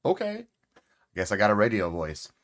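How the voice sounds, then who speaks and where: A man hosting a casual crochet livestream, rambling relaxed and friendly with many fillers and greeting viewers by name. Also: lowish voice, normal speed.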